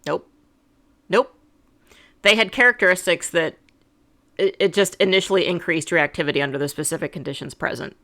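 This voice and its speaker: Middle-aged woman cohost, low bright voice, dry sarcastic explainer. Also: a little fast, long pauses. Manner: sarcastic, explains events step by step. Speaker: podcast co-host. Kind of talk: casual podcast chat.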